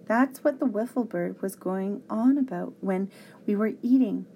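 A woman narrating a children's storybook aloud with an expressive read-aloud delivery. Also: medium pitch, unhurried, lo-fi sound, a little hiss or hum.

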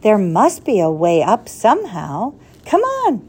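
A woman reading aloud and voicing an excited elderly male professor on an expedition, with an eager, knowing storybook manner. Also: mid-range voice, unhurried, husky.

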